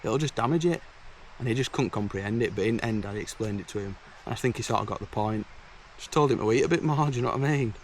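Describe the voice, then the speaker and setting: A man's voice: lowish voice, steady tone, quick pace, a little hiss or hum. A man telling blunt, chatty stories to camera from a woodland camp outdoors. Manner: chatty, blunt, exasperated anecdotes. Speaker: camping vlogger. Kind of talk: casual storytelling to camera.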